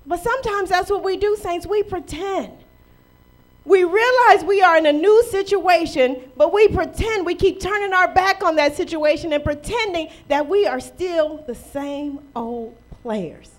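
High-voiced woman preaching a lively sermon. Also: a little slow. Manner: lively preaching with rhetorical questions and playful acted quotes. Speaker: pastor.

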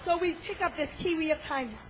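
A woman preaching a sermon, animated, acting out inner voices and swinging between loud and soft. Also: sits high, fast, slight background noise, rough recording.

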